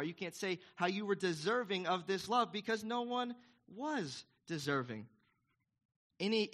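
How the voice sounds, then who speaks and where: A man's voice: high-pitched, fairly bright tone. A man preaching a sermon in an earnest, emphatic, conversational way, asking the congregation questions. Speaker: pastor.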